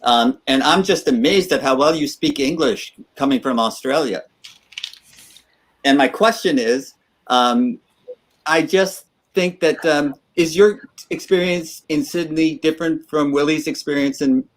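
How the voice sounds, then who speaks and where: A man from the United States speaking on a talk show in a halting, self-deprecating way. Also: on the high side. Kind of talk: casual talk show chat.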